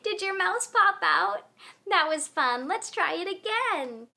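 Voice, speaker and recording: A woman in her thirties hosting a children's educational video, with an animated, slow and clear sing-song delivery for toddlers. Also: very high-pitched. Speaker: preschool teacher host.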